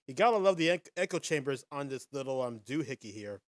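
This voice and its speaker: A man hosting a casual live podcast, chatting with viewers in a folksy, animated way and reading quiz questions. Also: medium pitch, quick pace, hardly any pauses, no room sound. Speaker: podcast host.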